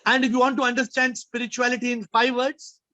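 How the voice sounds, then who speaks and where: A man's voice: extremely high pitch, level tone, quick pace, pushed and bright, no room sound, highs cut off. A man hosting a spiritual Q&A over a video call, emphatic and fond of rhetorical questions.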